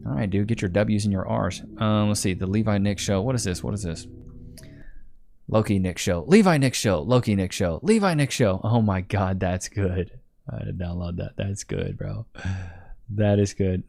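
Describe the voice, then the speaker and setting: A chummy man with a fairly low voice talks loosely through a livestream, thanking viewers and reading their donations. His talk rambles, with plenty of laughing asides, and faint music plays underneath. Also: animated, normal speed, a little mellow. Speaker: livestream host.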